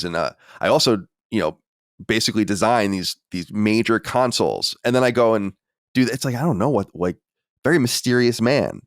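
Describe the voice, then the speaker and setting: A man hosting a podcast in casual chat, animated and reading listener letters aloud. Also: medium pitch, a little fast, no room sound, studio quality. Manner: animated storyteller, reads listener mail aloud. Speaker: podcast host.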